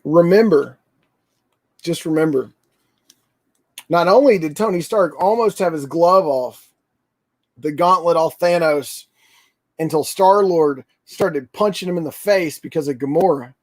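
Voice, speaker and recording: A man hosts a casual livestream and rambles excitedly, with many ums and restarts. His voice sits a little high for a man. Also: a little slow. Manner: rambling, excitable fan talk with fillers. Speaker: toy channel livestream host.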